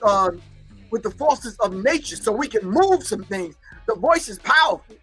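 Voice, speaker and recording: An emphatic male host breaks down archival clips, preaching and repeating key phrases for emphasis. His voice sits very high for a man. Faint music plays underneath him. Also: fairly bright tone, slightly rough. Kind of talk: commentary on a recorded lecture.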